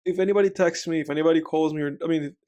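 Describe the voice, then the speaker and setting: A man's voice: on the high side, fairly even intonation, rapid-fire, dark tone, muffled recording. A man co-hosting a casual movie commentary podcast, who rambles with lots of "like" and restarts. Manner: rambling, full of "like" and restarts, laughs easily. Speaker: podcast co-host.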